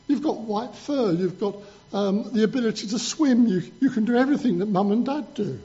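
A man voicing a wise, gentle father polar bear in a children's story told from the pulpit. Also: sits high, fairly quick, highs cut off, voice pushed up, lightly acted. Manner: calm, kindly and probing.

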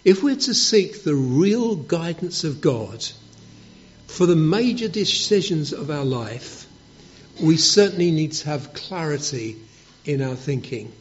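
A man's voice: a little high, animated, takes it slowly. A man preaching a sermon, telling stories and acting out little quotes in a conversational way. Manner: storytelling with acted quotes, conversational. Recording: dull lo-fi recording.

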